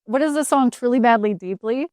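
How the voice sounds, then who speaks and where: A woman's voice: on the high side, a little fast, a little mellow, no room sound, studio quality. A woman from Canada hosting a casual sports chat in a bubbly, teasing way. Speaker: host.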